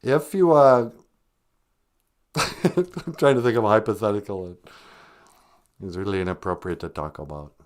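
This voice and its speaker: A man hosting a comic podcast, rambling and deadpan with sarcastic asides. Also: fairly low pitch, moderate pace, long pauses. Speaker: podcast host.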